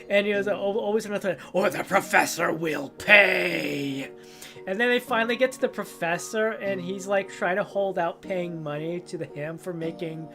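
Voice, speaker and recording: Rambling woman chatting on a stream. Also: medium pitch. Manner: rambling, animated storytelling with goofy character voices. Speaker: livestreamer. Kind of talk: casual chat stream.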